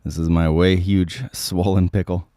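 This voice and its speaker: A man with a sick voice hosting a casual livestream, answering viewer comments with many ums and frequent throat clearing. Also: low voice, flat delivery, measured pace, mellow, no echo, studio quality.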